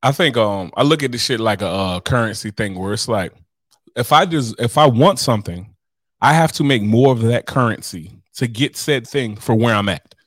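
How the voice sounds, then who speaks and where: A young man co-hosting a podcast, swearing freely and telling rambling, animated stories in casual chat. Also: mid-range voice, moderate pace, dry recording, studio quality. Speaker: podcast co-host.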